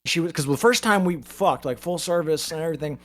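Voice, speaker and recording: A man's voice: on the high side, fast talker, over a noisy crowd. A man hosting a podcast, telling long, profane anecdotes in casual chat. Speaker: podcast host. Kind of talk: casual storytelling.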